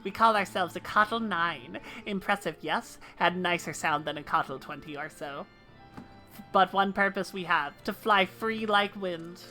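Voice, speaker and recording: Woman voicing a bird-man, gruff, inverted broken speech, low-set, very bright edge, read-aloud game dialogue. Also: a little slow, soft background music. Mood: earnest. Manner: speaks in inverted, broken word order. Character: gruff male bird-man of a clan of crafters.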